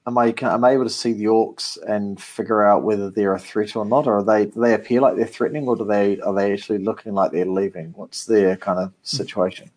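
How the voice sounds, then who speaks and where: Male player, lower voice, tentative, thinks aloud. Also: fairly even intonation, brisk, hardly any pauses, a little mellow. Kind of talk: casual tabletop play.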